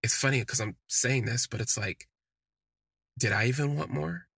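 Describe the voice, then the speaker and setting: A man's voice: medium pitch, moderate pace, creaky, a bit bright, husky, no echo. A man hosting a podcast, telling a candid personal story in casual, conversational storytelling with frequent fillers. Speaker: podcast host.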